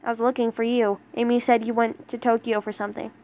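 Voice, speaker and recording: A woman voicing a blunt, deadpan young male swordsman in a fan audio drama reading. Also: fast, natural voice. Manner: deadpan, blunt, low-key.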